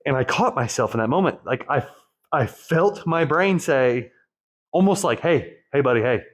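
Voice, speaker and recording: A man's voice: fairly high pitch, animated, a little slow. A man hosting a channel for divorced men, talking through a personal story in a rambling, candid monologue laced with swearing. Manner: rambling, profane, self-reflective. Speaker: divorce coach and channel host.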